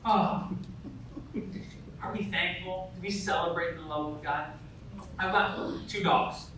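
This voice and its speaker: High-voiced pastor echoing in a hall. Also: male voice, steady tone, measured pace, sharp tone. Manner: conversational, peppered with "right?" asides and family stories. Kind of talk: sermon. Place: church sanctuary. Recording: echoey hall, voice from a distance, faint noise.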